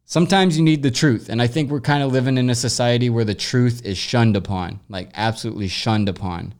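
A man's voice: mid-range voice, fairly quick, a little mellow. Blunt, swearing young male podcaster. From United States. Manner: blunt, swears freely, rambling restarts. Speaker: podcast host. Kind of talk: casual solo podcast, reading listener questions. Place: home room with echo, sound pads set up. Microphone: camera recording, speaker moves off-mic at times.

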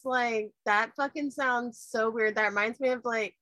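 This is a woman with a bright, forceful voice pitched somewhat high, hosting a podcast. She is playful and jokey in casual chat and swears freely. Her voice is recorded dry and close. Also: fairly even intonation, measured pace, hardly any pauses, no room sound. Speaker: podcast host.

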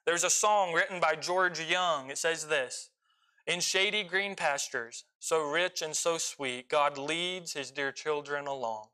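Bright-voiced impassioned male preacher. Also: on the high side, unhurried. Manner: impassioned, rising and falling in volume; emotional. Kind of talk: sermon.

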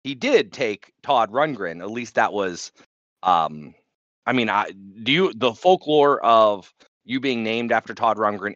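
Playful low-voiced podcast co-host, man. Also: fairly bright tone, no echo, highs cut off. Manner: laughing, playful, rambling. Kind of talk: casual chat.

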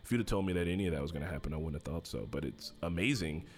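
A man's voice: rumbling low, very fast. A young man, a podcast guest in casual interview chat, laid-back and jokey with many fillers.

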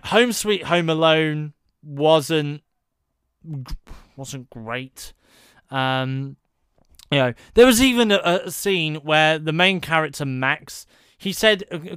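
A British man chatting on his own podcast, rambling and relaxed with plenty of ums. His voice is a little high for a man and very smooth and clear. The sound is dry and close. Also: no echo. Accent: British English. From Britain. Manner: rambling, conversational, lots of fillers. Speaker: podcast host. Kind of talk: casual solo podcast chat. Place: at home at his computer with his dog.

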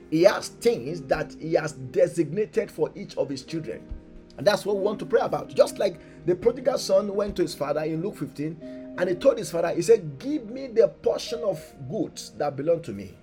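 A man preaching and leading a congregation in fervent prayer, moving between calm teaching and loud exhortation. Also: sits high.

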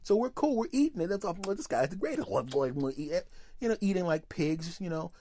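Animated, profane male podcast host. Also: high voice, brisk, no room sound. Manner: animated, profane, acts out voices of people in his stories. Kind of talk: comedic storytelling monologue.

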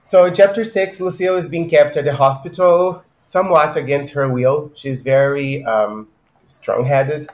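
A man's voice: on the high side, moderate pace. A man co-hosting a casual book discussion podcast, chatty and laughing easily, with frequent ums. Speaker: podcast co-host. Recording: roomy echo.

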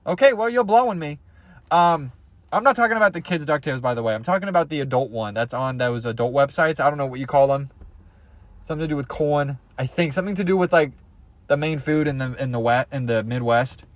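A man's voice: medium pitch, lively intonation, fast, no room sound. A young man hosting a podcast, rambling through crude, goofy comedy bits and jumping into silly voices. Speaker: podcast host.

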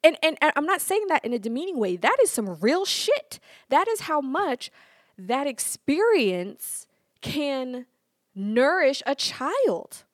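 A woman hosting a casual solo podcast, animated and playful, laughing often and acting out little quotes. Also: high voice, slow, dry recording, clean studio sound. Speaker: podcast host.

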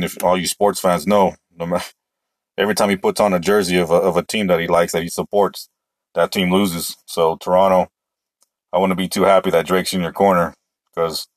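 A man's voice: deep voice, no echo. A man hosting a casual solo sports show, opinionated and rambling, often restarting his sentences. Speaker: sports podcast host.

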